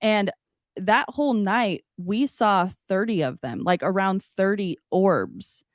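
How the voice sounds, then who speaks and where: A woman telling a personal story as a podcast guest, animated and loose, with many "like" fillers. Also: medium pitch, slow pace, no echo. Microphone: podcast studio mic.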